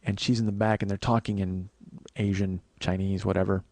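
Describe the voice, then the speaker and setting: A podcast host tells a candid, profane comedic story, full of fillers and animated acted-out quotes. His deep voice is a little fast and creaky, and the recording has no echo.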